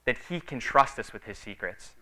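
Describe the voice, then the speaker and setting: A man's voice: medium pitch, expressive, normal speed, pushed and bright. A man preaching a sermon in a conversational, storytelling way, with frequent fillers, acting out the voices of the people in his stories.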